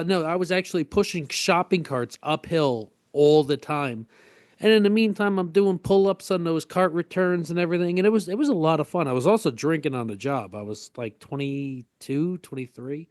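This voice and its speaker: A man co-hosting a podcast, telling stories casually and animatedly, jumping his voice up high when he acts out other people. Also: normal speed, no room sound, clean studio sound. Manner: animated storyteller, jumps high in pitch to act out people. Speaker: podcast co-host. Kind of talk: casual storytelling chat.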